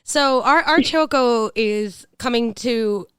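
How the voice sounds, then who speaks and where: A woman's voice: a little high, slow, fairly bright tone, smooth, dry recording. A woman from the United States hosting a podcast in casual, playful, jokey chat. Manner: playful, jokey, laughs often. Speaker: podcast host.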